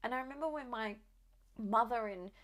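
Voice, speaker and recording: A woman's voice: fairly high pitch, normal speed, fairly bright tone. A young adult woman, a new mother, telling her own story in a candid, chatty way with lots of "like" fillers. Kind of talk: casual personal storytelling.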